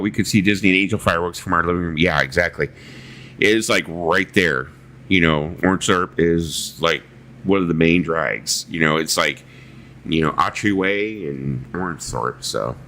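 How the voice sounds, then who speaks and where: A man's voice: deep voice, moderate pace, a bit bright. A man hosting a casual livestream chat, telling rambling stories and reading viewer comments aloud, swearing freely. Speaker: livestream host.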